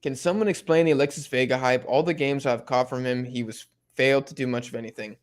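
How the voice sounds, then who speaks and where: A young man casually chatting through a live football watch-along, reading and answering chat in relaxed slang. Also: mid-range voice, fast. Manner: laid-back slang-heavy chatter, many fillers.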